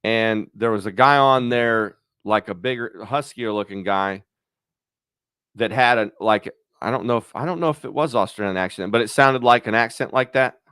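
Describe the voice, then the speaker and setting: A man's voice: fairly low pitch, moderate pace, fairly bright tone, clear, resonant tone, dry recording, studio quality. A man hosting his own channel, thinking aloud in a rambling, profane, casual chat. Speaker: YouTube channel host.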